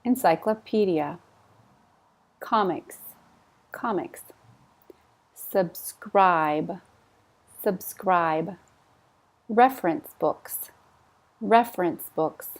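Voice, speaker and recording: A woman teaching English pronunciation, repeating each word slowly and clearly and explaining how the sounds are made. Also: on the low side. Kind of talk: slow, clear pronunciation drill.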